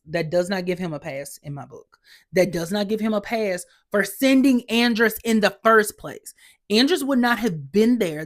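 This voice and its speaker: A woman hosting a podcast, giving a sassy, exasperated, animated recap of a TV episode. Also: fairly low pitch. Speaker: podcast host.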